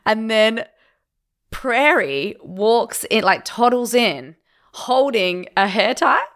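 A woman's voice: on the high side, takes it slowly. A woman co-hosting a podcast, chatting casually and reading listener stories aloud, slightly hungover. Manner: chatty, animated storytelling with laughs. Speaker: podcast co-host.

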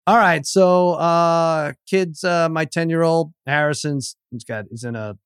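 A middle-aged man as podcast guest, telling his story with energy, stumbling over repeated words and acting out quotes. His voice sits a touch high for a man. The sound is close and dry, with no room echo. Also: a little slow, clear, resonant tone. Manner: animated storyteller, stammers, acts out quotes. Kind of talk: casual chat, storytelling.

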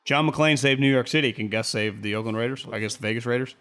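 This sports podcast co-host is a man with a mid-range, fairly bright voice who talks fast. He rambles through casual chat, and his voice jumps up whenever he quotes someone.

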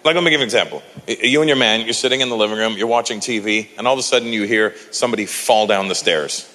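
A man doing a stand-up routine, telling stories with animated energy and yelling out the voices of the people in them. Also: lowish voice, very fast, long reverb tail, slight background noise. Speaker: stand-up comedian.

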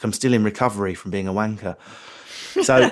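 A middle-aged man, a comedian guest, telling candid stories in an animated, quick, self-mocking way. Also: on the low side. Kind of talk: candid interview storytelling. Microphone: remote interview mic.

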